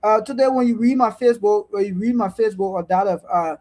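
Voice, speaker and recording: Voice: mid-range voice, fast, a little mellow, rough recording. A panelist in an online discussion over a remote call, talking in a discursive way and repeatedly checking in with "right?". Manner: discursive, keeps adding "right?". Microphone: remote streaming call.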